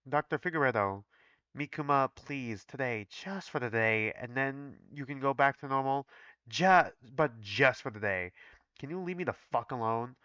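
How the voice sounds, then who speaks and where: A man's voice: medium pitch, a little slow, pushed and bright, clean tone, dry recording, muffled recording. A man voicing an irritable, overworked male staff doctor who talks curtly and swears. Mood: irritated. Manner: curt, swearing, exasperated.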